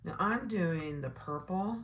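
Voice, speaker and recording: A woman giving a casual sewing tutorial, relaxed and chatty, thinking aloud as she works. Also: on the low side, takes it slowly, slight background noise. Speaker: sewing instructor.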